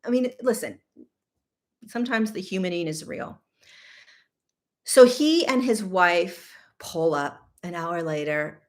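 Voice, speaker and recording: A woman's voice: lowish voice, slow pace, long pauses. Candid woman telling a personal story. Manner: candid, animated storytelling with many "like" asides. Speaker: podcast host.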